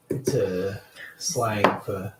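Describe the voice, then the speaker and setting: A man's voice: on the low side, echoey room, recorded from a distance, very noisy. A man in casual, teasing chat with his partner at home.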